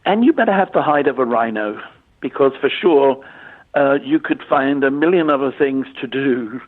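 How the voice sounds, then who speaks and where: An English man in his sixties, a medium, answering interview questions in a halting way, often repeating words and using fillers. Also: mid-range voice, lively intonation. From England. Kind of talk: conversational interview. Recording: tinny phone-line audio.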